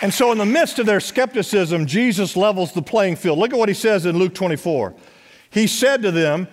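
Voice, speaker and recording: A man preaching a sermon as pastor, urging his congregation to respond and dropping at times to a hush. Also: high-pitched, expressive, normal speed, a faint crowd. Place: church sanctuary. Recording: long church hall reverb.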